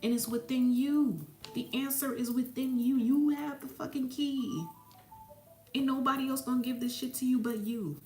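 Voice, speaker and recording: A woman's voice: high-pitched, fairly even intonation, moderate pace, warm tone. A woman spiritual mentor giving a blunt, profane, preachy motivational talk. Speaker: spiritual mentor and psychic medium. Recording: echoey room, faint music behind.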